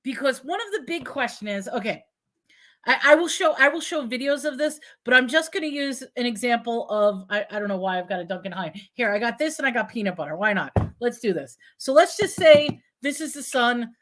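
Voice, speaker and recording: A woman hosting a live online chat, talking in an animated, questioning way. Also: on the high side, brisk. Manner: animated, questioning, puts on a cutesy sing-song for props. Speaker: host. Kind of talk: casual live-stream chat.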